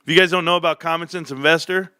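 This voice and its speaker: Brash, bright-voiced male streamer. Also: on the high side, fairly even intonation, rapid-fire, clean tone, no echo, clean studio sound. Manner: brash, mocking, swears freely. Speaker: livestream host. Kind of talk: joking livestream commentary.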